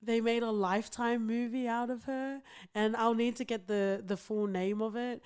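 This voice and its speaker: A woman's voice: a little high, steady tone, normal speed, darkish tone, clean tone. Giggly, chatty woman podcast host. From outside the United States. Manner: chatty, many fillers and giggles. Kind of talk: casual chat.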